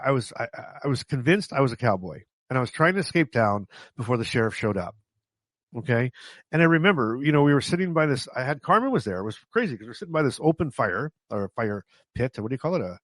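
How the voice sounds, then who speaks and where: A man's voice: mid-range voice, fairly bright tone, no echo. A man telling funny stories from his own life in a casual, self-mocking way, laughing often and stopping to restart his sentences. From Canada. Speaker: vlogger. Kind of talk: casual storytelling to camera.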